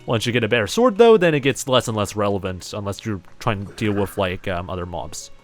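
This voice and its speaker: This man from New Zealand has a light accent with a somewhat American tinge and a lowish, lively voice, talking a little fast over faint music. Playing a game on a live stream, he rambles casually to his audience and reads chat aloud, leaning heavily on "like" and "um" and restarting often.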